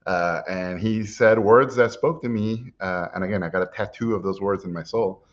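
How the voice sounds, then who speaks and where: A middle-aged man, an animation director, telling stories from his life in an animated way, often chuckling as he talks. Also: on the low side, moderate pace. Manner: animated storyteller, chuckles while telling anecdotes. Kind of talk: personal storytelling talk. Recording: dull lo-fi recording.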